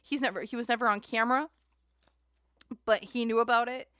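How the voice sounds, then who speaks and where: A woman's voice: fairly high pitch, steady tone, fairly quick, fairly bright tone, clear, resonant tone, no echo, studio quality. A woman hosting a casual tarot reading chat, talking in a rambling, chatty way. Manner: chatty, rambling, voices others in mocking asides. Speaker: tarot reader host.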